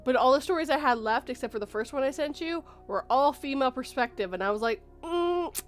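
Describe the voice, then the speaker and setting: A woman guest in a casual podcast chat, playful and quick, laughing a lot as she talks. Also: high voice, soft background music. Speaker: podcast guest and story narrator.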